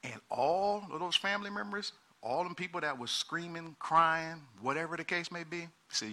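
Guy preaching a sermon, super bright ringing voice, keeps repeating himself and acting out people. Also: fairly high pitch, normal speed, hardly any pauses. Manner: animated, repeats words, acts out quoted people.

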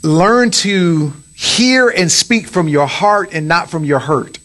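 A man's voice: on the high side, lively intonation, takes it slowly, fairly bright tone. A man preaching on marriage as pastor, with emphatic lines that rise on key points. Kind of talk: sermon on marriage.

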